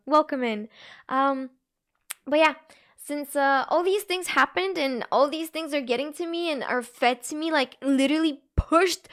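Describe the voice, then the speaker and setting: A young Bulgarian woman live streaming speaks to her chat in a high, fairly bright voice, halting, earnest and emotional.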